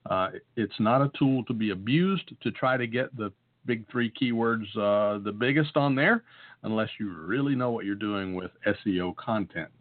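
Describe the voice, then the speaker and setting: A man's voice: on the low side, normal speed. A man co-hosting a podcast, chatting casually and joking, with lots of fillers. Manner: jokey, rambling, many fillers. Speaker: podcast co-host. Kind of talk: casual chat. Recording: phone-like narrow sound.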